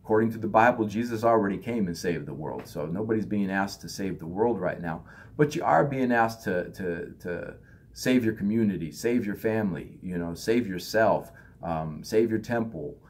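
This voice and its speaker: A man's voice: fairly low pitch, lively intonation, moderate pace, darkish tone, breathy edge. A man giving a loose, conversational spiritual talk, now and then acting out other people in raised voices. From United States. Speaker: spiritual teacher.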